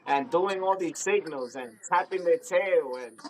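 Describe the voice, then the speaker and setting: A man telling a story as a podcast guest, lively, laughing often and acting out other people's voices. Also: fairly high pitch, measured pace, background noise. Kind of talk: animated storytelling.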